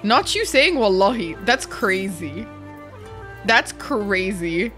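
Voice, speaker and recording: A woman chats with her stream audience while she plays, loose, profane and quick to answer comments. Her voice is bright with a sharp edge. Faint music runs quietly behind her. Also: mid-range voice, lively intonation. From Canada. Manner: chatty, profane, quick to react to chat, switches into Arabic. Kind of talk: casual live-stream chat while gaming.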